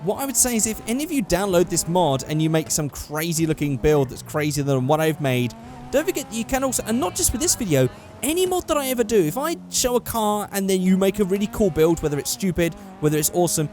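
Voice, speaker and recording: A man's voice: sits high, a little mellow. A young man giving rambling, casual gameplay commentary, swearing freely and correcting himself as he goes. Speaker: gaming YouTuber.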